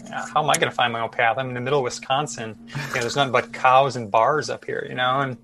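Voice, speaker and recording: A man's voice: medium pitch, steady tone, fast, sharp tone. Chatty man telling stories. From Chicago, USA. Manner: rambling with many fillers and restarts. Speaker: podcast guest photojournalist. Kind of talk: casual storytelling interview.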